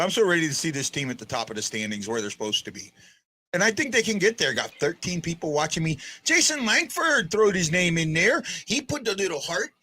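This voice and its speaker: Excited dude hosting a fan stream, bright sharp tone, chatty. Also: male voice, a little high. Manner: excitable, chatty, stammers on restarts. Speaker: fan show host. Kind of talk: live fan stream commentary.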